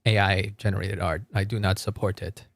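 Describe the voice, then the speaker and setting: A man's voice: low-pitched, little pitch movement, fairly quick, creaky, no echo, studio quality. A man streaming a game and chatting casually with his viewers. He rambles, restarts his sentences and laughs often. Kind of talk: casual live-stream chat.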